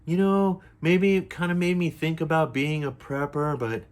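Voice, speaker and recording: A man's voice: fairly high pitch, steady tone, moderate pace, pitched above the performer's own voice, natural voice. A man putting on the voice of a bubbly young woman influencer who giggles through her words. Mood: giggly.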